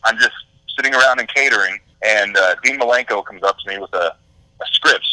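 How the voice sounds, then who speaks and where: A man's voice: on the low side, fairly quick, pushed and bright, no echo, rough recording. A young man, a wrestler answering podcast interview questions in an easygoing way, full of "uh" and "you know". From Texas. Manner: easygoing, filler-heavy with many "uh" and "you know". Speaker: guest, independent wrestler.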